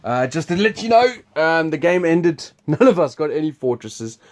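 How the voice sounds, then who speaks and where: A man's voice: a little high, sing-song, normal speed. A man hosting a board game preview, explaining the game in a rambling, chuckling, casual way. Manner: rambling, chuckling, restarts sentences.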